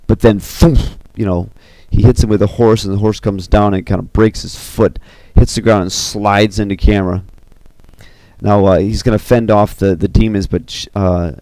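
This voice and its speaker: Man, deep and gravelly, casual film storyteller with lots of fillers, dry close mic. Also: normal speed, no echo. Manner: animated, filler-heavy with you know and uh. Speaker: storyteller recounting an animated film. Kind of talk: casual retelling.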